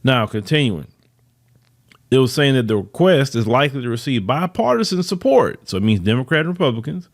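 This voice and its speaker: Guy doing news commentary on his podcast, emphatic, repeats himself a lot, mid pitch. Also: very animated, fairly quick. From United States. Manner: emphatic, repeats words for stress, reads news then comments. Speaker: podcast host.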